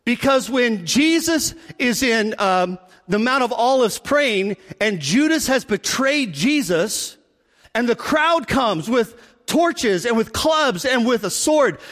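A man preaching a sermon, telling the story in an animated way and acting out the people in it. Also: very high voice. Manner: animated storytelling, acts out voices. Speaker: pastor. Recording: long hall reverb.

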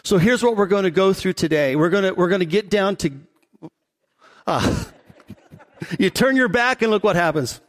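A middle-aged man, a pastor, preaching a conversational sermon and slowing down on key points. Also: sits high. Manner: conversational preaching, slows for emphasis.

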